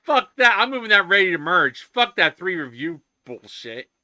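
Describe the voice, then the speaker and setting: A man's voice: high-pitched, sing-song, normal speed, pushed and bright, dry recording, clean studio sound. A man streaming himself coding, ranting in casual chatter with constant swearing. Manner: profane, ranting, heavy swearing.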